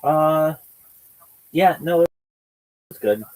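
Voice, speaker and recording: A man's voice: a little high, extremely slow, darkish tone, poor audio. A man hosting a casual livestreamed podcast chat, teasing and rambling in a mock-lecturing way. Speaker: podcast host.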